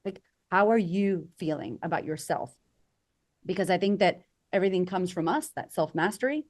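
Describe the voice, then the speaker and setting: A woman coaching as a podcast guest, energetic and conversational, acting out quoted voices for emphasis. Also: fairly low pitch, moderate pace. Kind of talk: conversational interview.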